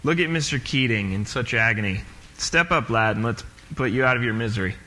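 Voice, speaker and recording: A man's voice: medium pitch, animated, fairly quick, sharp tone. A man doing a staged script reading as a stern, inspiring male schoolteacher who urges and commands his student. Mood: coaxing. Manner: urging, commanding. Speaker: intern reading a part. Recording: echoey hall, faint noise.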